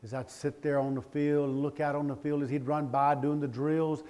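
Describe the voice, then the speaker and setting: A middle-aged man giving a speech, telling a personal story with heartfelt, dramatic swings between booming and hushed delivery. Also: little pitch movement, normal speed. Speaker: public speaker.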